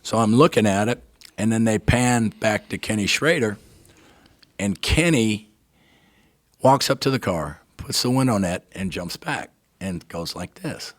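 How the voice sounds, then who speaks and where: A man's voice: fairly low pitch, measured pace, no room sound. An older man, a guest on a talk show, tells a personal story with feeling, acting out what people said and often checking in with "right?". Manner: animated narrator, acts out quoted dialogue, keeps asking "right?".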